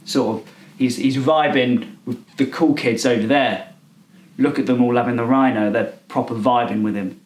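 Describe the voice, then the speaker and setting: A rambling, clueless millennial in his twenties, played by a man, who trips over his own words and mangles youth slang. His voice sits at an ordinary middle pitch and rings a little in a roomy space. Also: steady tone, normal speed, close to an everyday voice. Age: 20s. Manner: rambling, hesitant, misusing slang. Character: clueless self-styled cool male millennial partygoer. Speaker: comedy character. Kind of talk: deadpan character monologue.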